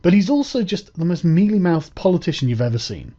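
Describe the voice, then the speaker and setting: A sarcastic man talks over a clip, mocking and swearing as he picks it apart. His voice is slightly high and dark in tone. The audio is dull and lo-fi. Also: very animated, fast. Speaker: commentator. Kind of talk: reaction commentary.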